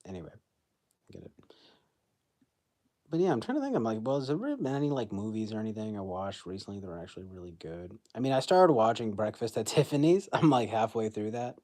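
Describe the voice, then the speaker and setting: A man's voice: fairly low pitch, animated, a little fast, darkish tone. A young man streaming from his phone, rambling through casual chat with lots of fillers and laughing at his own jokes.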